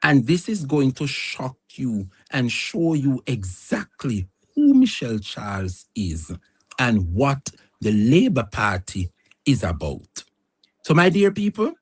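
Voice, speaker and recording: A man's voice: medium pitch, very animated, slow, husky. A Jamaican man hosting a political commentary show, speaking dramatically and addressing his listeners directly. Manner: preachy, dramatic, addresses listeners as "my dear people". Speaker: show host.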